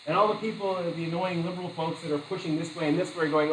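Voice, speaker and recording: A man lecturing a class in a slightly high voice, chatty and animated, stopping to tell stories and laugh at them. The room is echoey and a faint hum sits behind him. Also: rapid-fire. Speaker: teacher.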